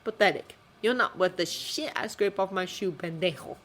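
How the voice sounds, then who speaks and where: A woman's voice: fairly low pitch, moderate pace, fairly bright tone. A woman voicing a cold, cruel vigilante who mocks and threatens. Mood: menacing. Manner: menacing, mocking. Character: menacing vigilante cabbie, young man, cold and cruel.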